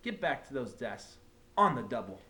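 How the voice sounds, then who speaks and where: A scratchy, stern storybook teacher who rules her class like a witch, as a man reads her aloud. She talks slowly and commandingly, and her voice rises and falls a lot. A faint background noise sits under the reading. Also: medium pitch, very animated, bright, forceful tone. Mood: stern, menacing. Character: strict scary witch-like woman teacher.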